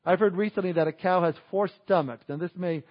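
A man preaches to his congregation in a relaxed, chatty way, dropping in little chuckles and asides. His voice sits a bit high for a man. The recording is dull and lo-fi, like old church audio. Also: brisk. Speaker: pastor. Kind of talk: sermon.

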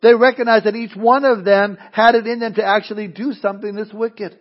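A man preaching a sermon in a conversational, animated way, with asides and playful mock voices. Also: high-pitched, a little fast, dull audio. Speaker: pastor.

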